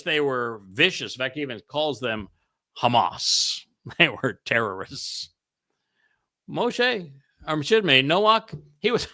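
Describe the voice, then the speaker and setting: A man's voice: on the high side, pushed and bright. A man hosting a scripture study, preaching in an emphatic, sarcastic way and often laughing mid-sentence. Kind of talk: animated preaching commentary.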